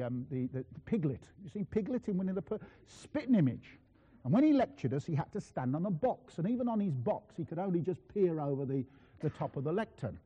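A man preaching a sermon, emphatic, swinging between loud declarations and quiet asides. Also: mid-range voice, slightly rough. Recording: dull sound in a reverberant hall.

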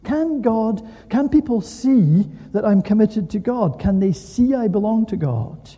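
A man preaching a sermon in an animated way, full of rhetorical questions, in a church. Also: sits high, a little slow, breathy edge, in a large hall.

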